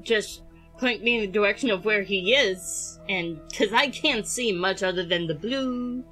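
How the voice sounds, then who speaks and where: A woman playing a tabletop game, chatting casually and slowly. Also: medium pitch, fairly bright tone, soft background music, low-quality recording. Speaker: player.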